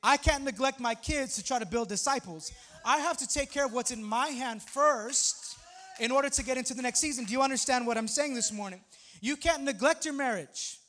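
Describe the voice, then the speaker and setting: Male pastor in his thirties, very high voice, chatty sermon with jokes and bursts of emphasis. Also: fairly quick, sharp tone, soft background music. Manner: conversational, humorous preaching with rising emphatic outbursts.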